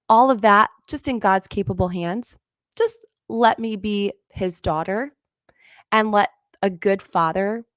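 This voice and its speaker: A woman's voice: mid-range voice, a bit bright, no room sound. A middle-aged woman hosting a faith-based podcast, telling stories earnestly and acting out her own past lines. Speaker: podcast host and business coach.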